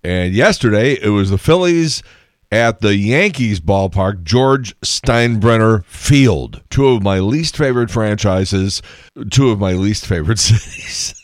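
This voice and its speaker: A man's voice: fairly low pitch, expressive, measured pace, no echo, studio quality. A tired man hosting a casual solo podcast, telling chatty, wry stories with asides and laughs. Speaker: podcast host.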